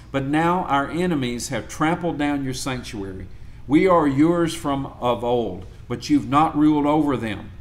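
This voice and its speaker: A man preaching a sermon in a church, reading scripture aloud in an earnest, measured way. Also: mid-range voice, fairly bright tone.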